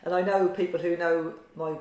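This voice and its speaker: A woman with a Norfolk accent and a very deep, booming voice chats around a kitchen table. She tells stories freely and lets her phrases fade off quietly. The room rings with a noticeable echo. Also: level tone, normal speed, crowd noise. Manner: chatty storyteller, trails off quietly at ends of phrases. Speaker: podcast co-host, tarot reader and meditation teacher. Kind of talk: casual chat.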